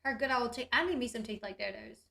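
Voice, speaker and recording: A reality TV recap YouTuber, a woman with a slightly high, fast, gravelly voice that's bright and forceful, talks straight to her viewers. Her casual, chatty recap of the show is full of "like" and "you guys."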